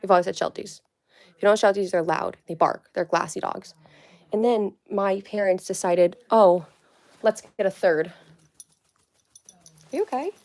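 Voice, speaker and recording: A woman's voice: mid-range voice, steady tone, moderate pace, a little mellow. A young woman chatting on a casual livestream from her family home, out of breath, rambling with lots of "like" and baby talk to her pets.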